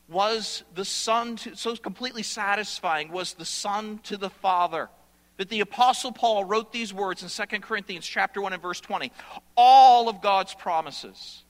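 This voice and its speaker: A male pastor preaching a sermon with emphatic, repeated phrases, slowing down to read scripture. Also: sits high, fairly bright tone, big-room sound.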